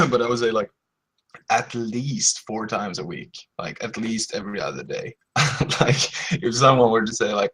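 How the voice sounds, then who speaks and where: A man with a lowish, husky voice who rambles in an easygoing way. He drops swear words casually as he chats. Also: measured pace, a bit bright, low-quality recording. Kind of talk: casual chat.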